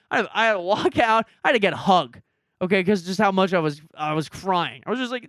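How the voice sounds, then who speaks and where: A man's voice: sits high, lively intonation, moderate pace, fairly bright tone, no echo, studio quality. A young man hosting a podcast, telling a story in a casual way and acting out his own reactions. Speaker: podcast host and YouTuber. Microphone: headset.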